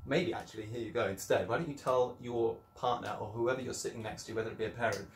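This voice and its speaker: A man's voice: medium pitch, fast, few pauses, roomy sound, slight background noise. A man teaching children an English lesson in a chatty, encouraging way, explaining things step by step. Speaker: primary school teacher.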